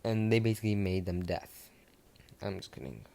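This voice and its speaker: A man's voice: fairly low pitch, expressive, moderate pace, vocal fry, darkish tone. A young man casually improvising a fan story, rambling with many restarts and asides.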